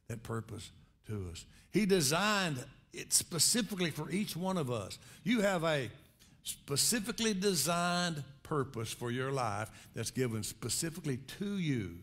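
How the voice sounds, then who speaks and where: A man preaching a sermon as pastor, conversational, swinging between quiet reflection and loud emphatic rises. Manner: conversational preaching with sudden rises in pitch and volume.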